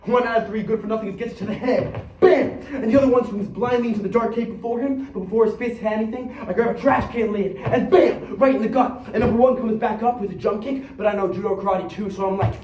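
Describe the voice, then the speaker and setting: A man's voice: sits high, fairly even intonation, quick pace, hardly any pauses, darkish tone, a little hiss or hum, lightly acted. An actor on a theater stage playing a streetwise young man who believes he is Batman, talking in slang and acting out fights with sound effects. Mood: thrilled. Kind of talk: theatrical monologue. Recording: echoey stage recorded from far off.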